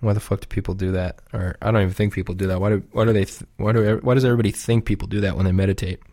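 A man's voice: on the low side, fairly even intonation, very fast, warm tone, dry recording. A man chatting casually on a podcast he is a regular of, rambling and swearing freely in a laid-back way.

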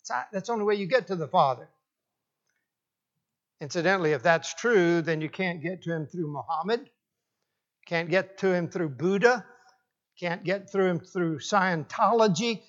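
A man preaching a sermon, slow and deliberate, often restarting his phrases for emphasis. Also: high-pitched, lo-fi sound.

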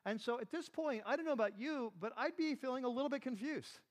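High-voiced man teaching a chatty sermon. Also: fast talker. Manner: chatty, asks the listeners questions, says "like" and "right" often. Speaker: pastor teaching a Bible class.

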